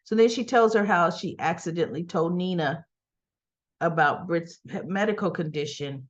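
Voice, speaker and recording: A woman's voice: on the low side, lo-fi sound. Chatty woman recapping a soap. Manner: acts out characters' lines in quick quoted bits, chatty, laughs often. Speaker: soap opera recap vlogger. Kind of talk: casual episode recap, retelling scenes.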